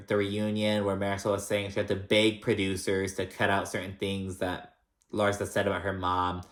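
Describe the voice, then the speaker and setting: A man's voice: fairly low pitch, a bit bright. A man casually recapping a reality show, chatty, sassy and profane, with many filler words. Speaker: recap vlogger.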